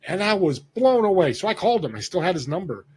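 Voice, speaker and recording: Husky-voiced man telling a story. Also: high-pitched, fast talker. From Northern California. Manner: animated storyteller who acts out quoted voices. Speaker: podcast guest. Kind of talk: casual storytelling interview.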